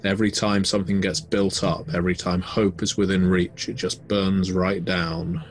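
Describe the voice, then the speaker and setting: A man running a tabletop horror game, narrating in a slow, measured, ominous way. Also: sits low, flat delivery, faint music behind. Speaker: game master.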